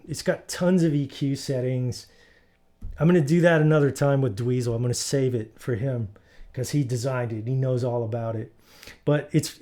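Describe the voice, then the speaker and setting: A man of ordinary pitch hosting a guitar channel. He talks casually and loosely, filling pauses with ums and uhs as he rambles through stories. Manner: relaxed, rambling, many fillers. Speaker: guitarist host. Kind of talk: casual storytelling.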